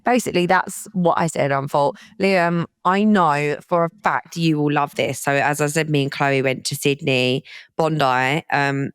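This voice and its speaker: A woman's voice: deep voice, fairly even intonation, unhurried, clean tone, no room sound, studio quality. A woman in her twenties co-hosting a podcast, chatting casually and teasing her partner. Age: 20s. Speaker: podcast co-host. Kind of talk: casual chat.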